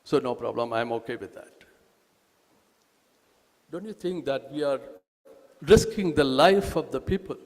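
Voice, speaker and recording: Halting man with an Indian accent, echoing hall. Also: mid-range voice, a little mellow. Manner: halting and emphatic, frequent restarts. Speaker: speaker presenting a nursing course. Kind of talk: public talk at an event. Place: event hall.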